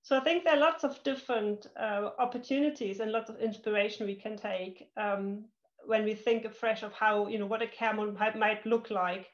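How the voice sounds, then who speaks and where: A woman giving a thoughtful, measured webinar presentation over a video call. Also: mid-range voice, fairly even intonation. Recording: dull lo-fi call audio.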